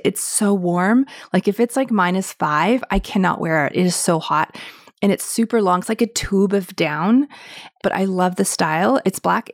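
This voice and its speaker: A woman's voice: fairly low pitch, dry recording. Enthusiastic Canadian woman, dry close sound. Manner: enthusiastic, emphatic repeats. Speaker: podcast co-host. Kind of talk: casual chat.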